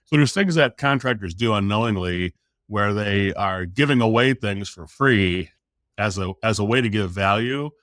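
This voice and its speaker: Animated middle-aged man telling a story. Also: fairly low pitch, moderate pace, dry recording, studio quality. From United States. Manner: animated storytelling, acts out quoted dialogue, casual swearing. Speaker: sales coach guest. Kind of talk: storytelling in a podcast interview.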